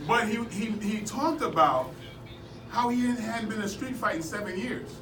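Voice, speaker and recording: A man telling animated stories to a seminar class, laughing often as he talks. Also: sits high, normal speed. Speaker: martial arts seminar instructor. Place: indoor seminar room at a convention. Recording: echoey room, distant from mic, background noise.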